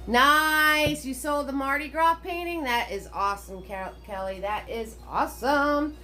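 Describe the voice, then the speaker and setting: Faint music plays behind a Washington state paint party host as she leads a live class online. She has a high, sharp voice at a measured pace, chatting with viewers and offering sing-song greetings.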